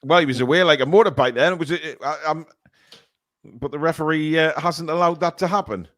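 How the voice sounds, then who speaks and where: A man hosting live fan commentary of a football match, calling the play-by-play and bursting into shouts at big chances. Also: on the high side, fairly quick.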